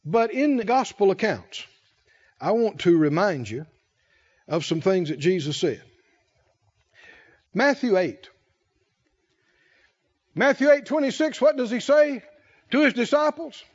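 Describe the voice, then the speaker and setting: In a loose, conversational sermon, a man with a very high, widely swinging, sing-song voice quizzes his congregation at a measured pace, pausing often. He chuckles between points and keeps the room engaged. The audio is dull and lo-fi.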